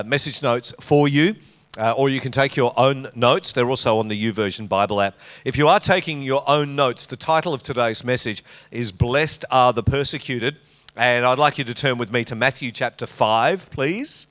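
A middle-aged Australian man preaching in a church auditorium. His pitch sits in an ordinary middle range, and his delivery is chatty and joking, with teasing banter aimed at the congregation. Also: a bit bright. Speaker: pastor. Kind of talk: sermon.

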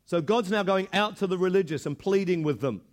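A male pastor delivering an animated sermon, retelling a story with frequent repeated words. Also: high-pitched, fairly quick.

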